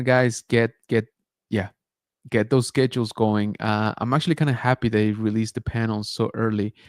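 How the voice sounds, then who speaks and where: Man, livestream host, casual rambling chat, mid-pitched voice, dry close sound. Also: dry recording. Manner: relaxed, rambling, thanks viewers and reads chat. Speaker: channel host.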